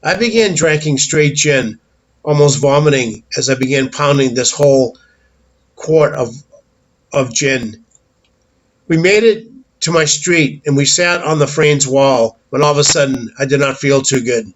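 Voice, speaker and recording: A man's voice: mid-range voice, unhurried, poor audio. A man telling a childhood story in a casual, candid, blunt way, with some swearing and small stumbles.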